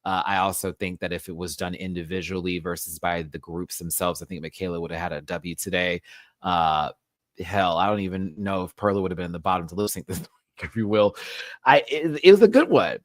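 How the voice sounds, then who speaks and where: A man hosting a casual live review of a drag show, animated and sassy, jumping between loud outbursts and low mutters, with some swearing. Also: fairly quick, no room sound.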